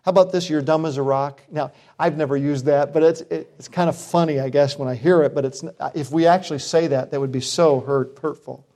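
A man's voice: on the high side, steady tone, a little fast, hardly any pauses, warm tone. A middle-aged man preaching a sermon as pastor, earnest, with self-deprecating humor.

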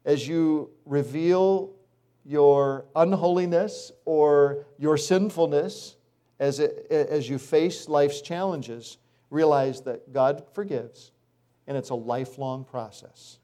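A middle-aged male pastor preaching a sermon, animated and acting out complaining voices now and then. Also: fairly high pitch, slow pace.

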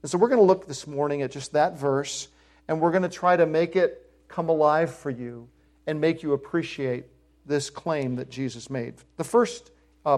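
A man's voice: fairly high pitch, a little mellow. A middle-aged male pastor preaching a sermon, emphatic, lifting his voice on key phrases.

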